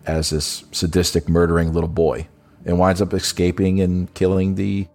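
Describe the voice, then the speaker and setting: A man co-hosting a casual film chat, laid-back, with short remarks and drawn-out phrasing. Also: low voice, monotone, a little mellow, faint music behind. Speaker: co-host discussing films.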